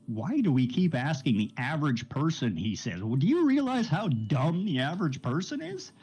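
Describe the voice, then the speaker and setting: Game streamer guy on a rambling rant, mellow low-ish tone, swears a lot, voice jumps all over. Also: sing-song, normal speed, slightly rough, rough recording. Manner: profane, laughs often, rambling.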